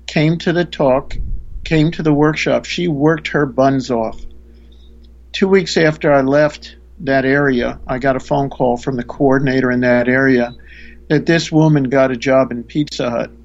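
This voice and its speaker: A man's voice: medium pitch, fairly even intonation, measured pace, lo-fi sound. A man, a spiritual teacher, earnestly telling a story in a conversation, often restarting his sentences.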